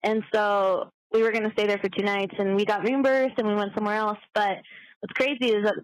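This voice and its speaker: A woman's voice: mid-range voice, fairly even intonation, a little fast, clear, resonant tone, no room sound, low-quality recording. A young woman leaving a chatty, swearing voicemail story as a caller.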